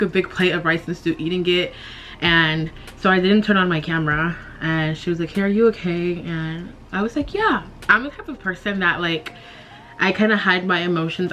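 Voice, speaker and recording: Doing her makeup in a casual get-ready-with-me chat, this young woman beauty vlogger sounds close to tears, with sighs and nervous laughter. Her voice is lowish and sharp in tone, and there's a little hiss or hum.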